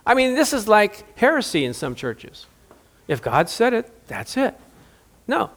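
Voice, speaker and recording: Animated, high-voiced preaching man. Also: a little slow. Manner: conversational, jokey preaching with acted-out quotes. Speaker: pastor. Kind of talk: sermon.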